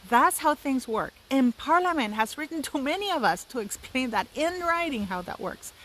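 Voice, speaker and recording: A woman in her fifties delivers opinionated solo commentary in a fairly high voice. She presses her points hard and repeats words for stress, sounding indignant. Faint noise hums behind her. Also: animated, moderate pace, fairly bright tone, low-quality recording. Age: 50s. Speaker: commentary channel host.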